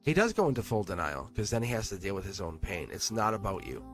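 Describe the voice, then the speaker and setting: Very animated and quick, a man with a low voice reads tarot for his live stream audience over faint music. His manner is earnest and encouraging, marked by repeated words, restarted sentences, and occasional swearing.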